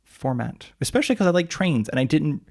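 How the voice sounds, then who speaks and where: A man's voice: on the high side, big pitch swings, a little fast, creaky, darkish tone. A man co-hosting a travel podcast, chatting casually and thinking aloud as he searches for words. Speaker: podcast co-host. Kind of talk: casual chat.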